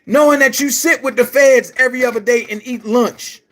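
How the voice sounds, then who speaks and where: A man delivering a heated, profane rant to his viewers, shouting at times. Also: extremely high pitch, a little fast. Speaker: commentary vlogger. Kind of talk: angry rant to camera.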